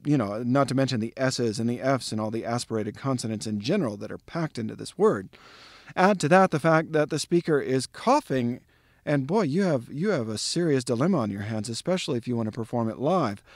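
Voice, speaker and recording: A man's voice: medium pitch, lively intonation, dry recording. Dry-voiced man teaching tricky pronunciation. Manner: measured, explanatory, drills words syllable by syllable. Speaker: literature tutor. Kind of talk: pronunciation tutorial.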